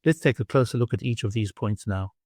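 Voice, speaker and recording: A man narrating a scripted language lesson in a slow, clear and instructive way. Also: lowish voice, a little mellow, dry recording, clean studio sound. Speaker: language teacher.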